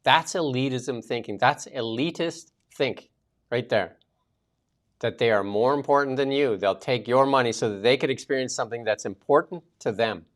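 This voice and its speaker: On a political commentary show, a co-host from Canada vents indignantly, peppering his rant with sarcasm. He speaks at a normal speed in a medium-pitched voice.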